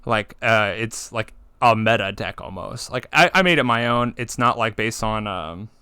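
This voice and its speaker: A man co-hosting a podcast, talking excitedly about card games, swearing and acting out game moments. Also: fairly low pitch, normal speed, clean tone, dry recording. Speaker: podcast co-host. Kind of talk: casual chat.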